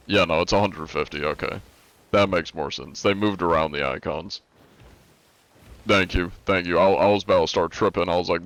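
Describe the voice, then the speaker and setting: A man's voice: sits low, normal speed, a bit bright, dry recording. A young American man streaming live, chatting casually with viewers in a laid-back, rambling way. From United States. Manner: laid-back, rambling, lots of likes and ums.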